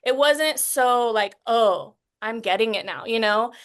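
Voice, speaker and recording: As an interview guest, an animated woman in her thirties talks with a fairly high voice, earnest but halting. She keeps restarting her sentences, and painful memories sometimes make her emotional.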